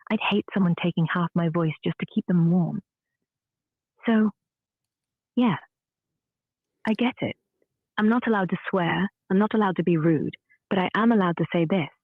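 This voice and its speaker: Breathy AI woman on phone speaker. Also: mid-range voice, no echo, narrow, tinny audio. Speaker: AI chat companion. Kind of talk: conversational reply.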